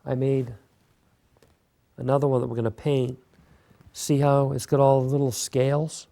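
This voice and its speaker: A man hosting a beginner clay sculpting tutorial, talking relaxed and casual while he works. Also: mid-range voice, moderate pace, creaky. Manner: relaxed, talks while working, many fillers. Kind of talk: step-by-step craft tutorial.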